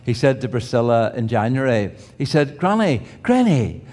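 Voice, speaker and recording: A man's voice: medium pitch, steady tone, normal speed, a little mellow. Older man preaching in a reverberant hall. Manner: conversational, with restarts and humorous asides. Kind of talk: sermon.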